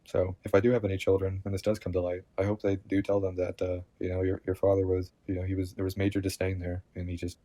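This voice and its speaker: A man's voice: sits low, completely flat delivery, fast talker, hardly any pauses, dark tone, no room sound. A man talking to camera in a rambling, agitated personal monologue, swearing constantly and repeating himself. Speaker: vlogger.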